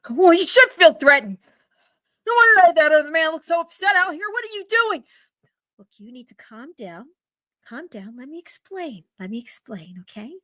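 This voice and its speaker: A woman voicing a nervous, businesslike woman who runs a service, speaking in a hushed, hesitant, placating half-whisper. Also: mid-range voice, lively intonation, unhurried, creaky, pauses often, husky, dry recording, pitched below the performer's own voice, heavily acted. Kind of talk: storytelling role-play.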